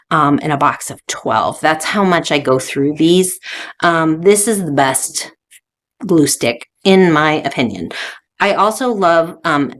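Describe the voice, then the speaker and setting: A woman vlogger chats casually about her craft supplies from a home studio, easygoing and a touch low in pitch. She fills her sentences with relaxed "um"s. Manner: chatty, easygoing, many "um" fillers. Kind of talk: casual chat.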